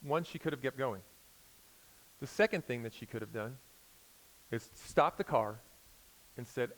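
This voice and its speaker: An American man in his forties preaching a sermon in a conversational storytelling way, swinging between loud emphasis and quiet intensity. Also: medium pitch, expressive, a little slow, pauses often, poor audio. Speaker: pastor.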